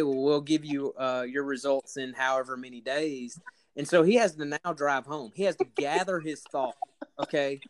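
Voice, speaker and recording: A man telling a funny story on a casual podcast, laughing often and acting out loud quotes. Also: fairly high pitch. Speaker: podcast host.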